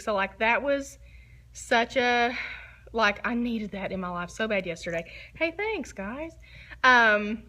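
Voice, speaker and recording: Bubbly, chatty woman hosting a livestream; high-ish, bright voice. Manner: bubbly, giggly and chatty, self-described nervous. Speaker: photographer hosting a live online talk. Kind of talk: casual livestream talk. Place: her photo studio, facing a window.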